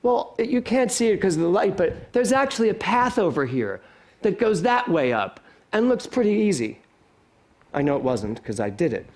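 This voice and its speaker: A male pastor telling a lively, self-deprecating story to his congregation during a sermon, chuckling along the way. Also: high voice, normal speed. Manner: animated, self-deprecating humor, chuckles often. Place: spiritual center sanctuary.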